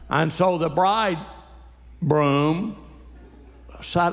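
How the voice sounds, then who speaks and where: A Christian comedian tells folksy jokes in an unhurried, stop-start way, chuckling at his own lines. His voice sits a little high and carries through the long reverb of a church sanctuary during a live show. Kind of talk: live stand-up storytelling. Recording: echoey hall, live show.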